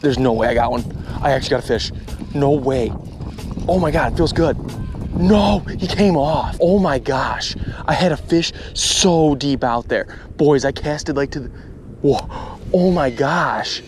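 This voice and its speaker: A young man of about twenty rambles and jokes as he vlogs outdoors beside a pond. His voice sits in an everyday middle pitch and gets excitable in spots. A faint outdoor hiss runs under the talk. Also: moderate pace. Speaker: bass fishing YouTuber. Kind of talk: casual vlog chat.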